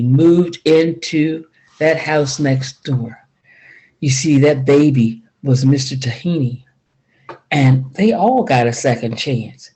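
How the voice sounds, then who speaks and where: An older woman telling a folk tale in a lively spoken way, acting out each character's lines. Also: unhurried, low-quality recording. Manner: lively, acts out each figure with big pitch jumps. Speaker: storyteller. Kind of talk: folksy spoken storytelling.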